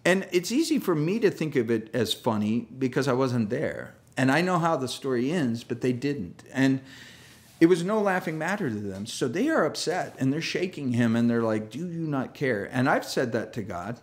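Male pastor, casual sermon, animated storyteller who slips into the characters' voices, mid-range pitch. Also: normal speed. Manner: lively storyteller, acts out quoted voices, self-deprecating humor. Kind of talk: conversational sermon.

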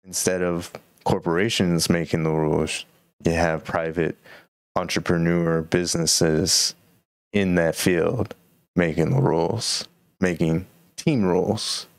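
A man from Texas hosts a solo podcast, musing and rambling in a laid-back way about current events. His low voice has vocal fry and little pitch movement, and he takes it slowly. It's studio quality, with no room sound.

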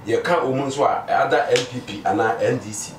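A man with a Ghanaian accent gives a measured, earnest opinion, speaking mostly in Twi. He sounds set back from the microphone, and there is a noticeable echo. Faint noise sits underneath. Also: mid-range voice. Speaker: interviewee. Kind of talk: casual street interview. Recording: echoey, distant mic, faint noise.

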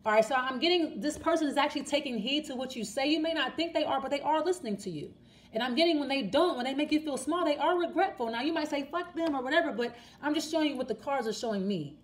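Woman, high voice, casual tarot reading, talks right to the viewer, repeats herself. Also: animated, quick pace, slight background noise. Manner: chatty, repeats words and restarts, talks straight to the viewer. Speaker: tarot reader.

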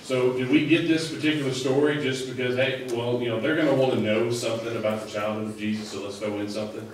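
A man's voice: medium pitch, fairly even intonation, fast talker, slight background noise. A man preaching a sermon in a loose, conversational way, full of fillers and restarts. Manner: conversational, rambling with many fillers. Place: church sanctuary. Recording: echoey hall, mic at a distance.

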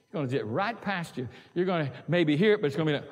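Male pastor, fairly high voice, chatty folksy sermon delivery, long church-hall reverb. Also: lively intonation, fast. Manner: conversational, folksy, repeats phrases and asks the congregation questions. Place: church sanctuary.

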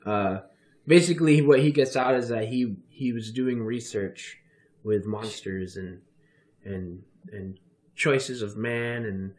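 A man's voice: medium pitch, slow pace, darkish tone, echoey room. Casual young man narrating as game master. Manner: casual, filler-heavy narration.

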